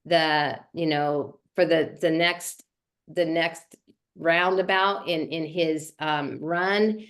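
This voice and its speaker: Female, lowish voice, rambling and warm-hearted sharing during a casual call. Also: fairly even intonation, takes it slowly. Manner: chatty, many fillers and restarts.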